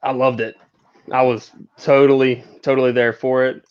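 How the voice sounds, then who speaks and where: A man in a casual podcast chat, rambling with lots of "I mean" and "like" as he shares his excitement. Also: mid-range voice, moderate pace, clear, resonant tone, lo-fi sound.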